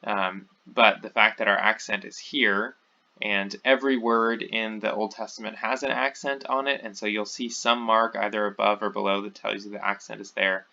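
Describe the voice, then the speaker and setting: A man talks through a recorded lecture in a loose, unscripted way, full of ums and false starts. His voice is gravelly with a bright edge, and the audio sounds dull and lo-fi. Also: on the low side, fairly even intonation, moderate pace. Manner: informal, many fillers and restarts. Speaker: teacher.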